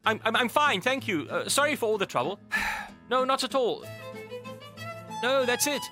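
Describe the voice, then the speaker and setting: A woman's voice: fairly high pitch, sing-song, normal speed, pushed and bright, faint music behind. An actress voicing a worried woman caught up in a botched nose-job affair, in dubbed drama dialogue. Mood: polite, flustered.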